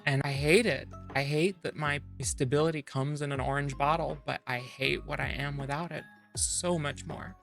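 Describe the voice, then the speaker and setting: A woman from the American South talking casually as a host, lively and acting out quoted voices. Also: low-pitched, moderate pace, creaky, hardly any pauses, soft background music. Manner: animated, acts out quoted voices. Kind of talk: casual chat.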